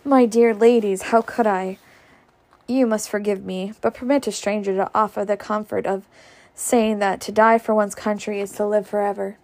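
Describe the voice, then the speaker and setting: A courtly gentleman with a mocking, overly polite manner, as a woman reading aloud puts him on. The delivery is gravelly and measured. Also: mid-range voice, fairly even intonation, close to an everyday voice. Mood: mock-courteous. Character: smooth mocking gentleman blockade runner.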